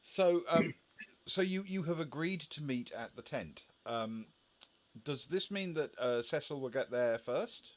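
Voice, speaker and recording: A man's voice: a little high, lively intonation, measured pace. A man running a tabletop role-play as game master, hesitant and wry, with many fillers and restarts.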